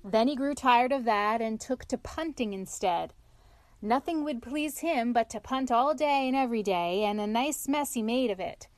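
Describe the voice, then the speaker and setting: A sociable, excitable male water rat from a storybook, voiced by a woman reader. He sounds bright and eager, in a fairly high voice. The recording is dry and close. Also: normal speed, no room sound, lightly acted. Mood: cheery.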